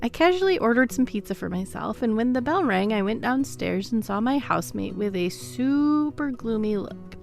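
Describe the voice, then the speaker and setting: Brief: woman co-host with a lively, animated pitch, reading listener stories with frequent laughter, faint music behind. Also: normal speed, gravelly. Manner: laughs often while reading aloud. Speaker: podcast co-host.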